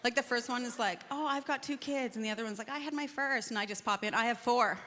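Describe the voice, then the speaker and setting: A woman's voice: on the high side, quick pace. A woman comedian doing a stand-up set on a live festival stage, talking conversationally and acting out little exchanges. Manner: conversational, acts out quoted exchanges. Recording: reverberant hall, noisy live room.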